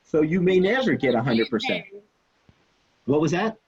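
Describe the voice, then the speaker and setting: A man teaching chemistry in a casual, animated way, telling a story from his own student days and acting out the people in it. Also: fairly high pitch, moderate pace, husky, lo-fi sound. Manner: animated, acts out quoted people, swears casually. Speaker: chemistry instructor.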